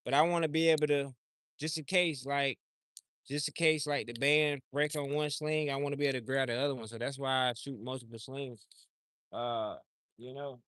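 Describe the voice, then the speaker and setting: A man's voice: medium pitch, steady tone, moderate pace, a bit bright, smooth, dry recording, clean studio sound. A man livestreaming outdoors, talking in a loose, rambling, slangy way and often repeating himself. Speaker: livestream host. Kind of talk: casual rambling chat.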